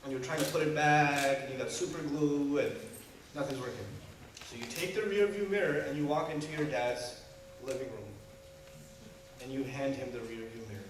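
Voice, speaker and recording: A man delivering a sermon to a gathering, animated, with rhetorical questions and humorous asides. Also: medium pitch, moderate pace, a little hiss or hum. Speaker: preacher. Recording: echoey hall from far off.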